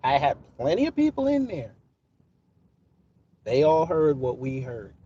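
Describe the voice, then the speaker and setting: Live-streaming from inside a moving car, a man answers his chat in a combative, sarcastic, mocking way. His voice is on the high side, very animated, a little slow, dark-toned and husky. The lo-fi phone audio picks up road noise.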